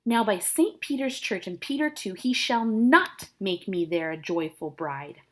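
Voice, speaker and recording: A woman reading the part of a defiant teenage noble girl who refuses a marriage, speaking the verse slowly and with emphasis. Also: mid-range voice, expressive, a bit bright. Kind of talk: dramatic reading of a play.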